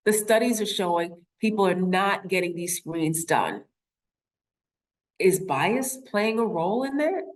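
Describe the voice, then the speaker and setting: Woman in her fifties telling a story. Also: medium pitch. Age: 50s. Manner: storytelling, acts out quoted voices, rhetorical questions. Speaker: nurse speaker. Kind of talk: personal story in a talk.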